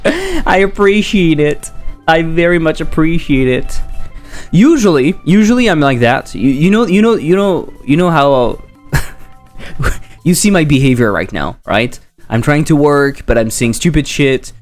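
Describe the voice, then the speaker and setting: A man's voice: on the high side, animated, a little slow, soft background music. A man with a French accent, a game developer chatting casually on a livestream, rambling and joking as he reads chat aloud.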